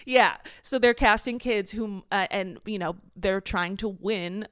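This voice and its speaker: A woman in her thirties co-hosting a podcast in casual chat, emphatic and quick to laugh. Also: medium pitch, fairly bright tone, clean tone, no echo, studio quality. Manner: chatty, emphatic, laughs often. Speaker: podcast co-host.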